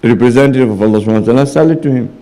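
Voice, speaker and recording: Talking very fast in a warm tone, a man delivers a majlis sermon in a mosque hall. He recounts stories with quoted dialogue as a religious speaker, and close to the end his voice rises into impassioned, high-pitched pleading.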